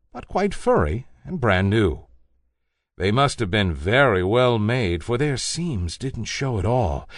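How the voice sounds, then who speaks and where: Man reading a storybook with very expressive pitch. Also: no echo, clean studio sound. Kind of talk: storybook read-aloud.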